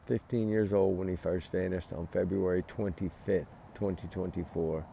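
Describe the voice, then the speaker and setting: A man vents in heated, emphatic commentary, his low voice rough with gravel. The tone is dark and dull. He talks outdoors at night beside a fire pit. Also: steady tone, normal speed, a little hiss or hum. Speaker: true-crime vlogger. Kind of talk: casual commentary.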